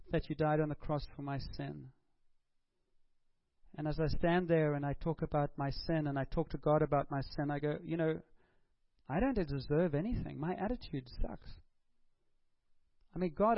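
Man, preacher, sermon, rhetorical questions, fairly high voice, dry dull recording. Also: dry recording. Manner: rhetorical questions, acts out prayers and dialogue.

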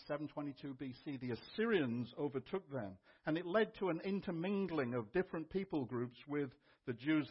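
Husky conversational preacher man. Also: a little high, dull audio. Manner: conversational teaching, with fillers. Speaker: pastor. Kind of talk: sermon.

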